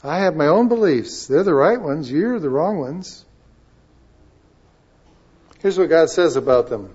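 A man preaching a sermon, moving from quiet, conversational asides to loud, emphatic readings of scripture. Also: on the high side. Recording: dull lo-fi sound.

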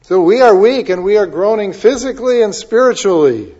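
Male pastor, high voice, conversational expressive sermon, dull lo-fi recording. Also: a little fast, breathy edge. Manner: conversational, expressive preaching with wide swings in loudness.

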